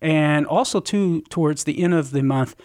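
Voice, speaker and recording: A man's voice: fairly high pitch, normal speed, darkish tone. A man on a call-in radio show, explaining church teaching in an earnest, teacherly way. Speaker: Catholic apologist radio guest.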